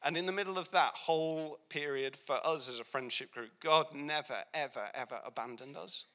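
A young man giving a heartfelt personal faith testimony, speaking earnestly and reflectively with pauses and restarts. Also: a little high, bright, forceful tone. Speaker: Christian speaker.

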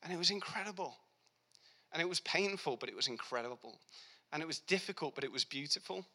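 A young man giving a heartfelt personal faith testimony, speaking earnestly and reflectively with pauses and restarts. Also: fairly high pitch, lively intonation, pushed and bright. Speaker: Christian speaker.

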